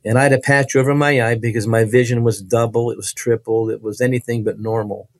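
Male guest, earnest testimony, halting delivery, dry close sound. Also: mid-range voice, fairly even intonation, no echo. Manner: earnest, halting, restarts with laughs. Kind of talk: personal testimony storytelling.

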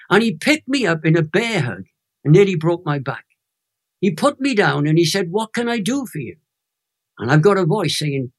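Animated older Welsh storyteller. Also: male voice, fairly high pitch. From Wales. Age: 80s. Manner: lively, emphatic, builds to emotional peaks. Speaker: guest.

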